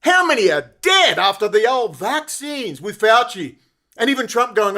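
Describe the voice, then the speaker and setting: A man's voice: very high voice, big pitch swings, moderate pace, bright, forceful tone. A man delivering an angry, profane, sarcastic commentary monologue, repeating rhetorical questions. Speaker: political commentator.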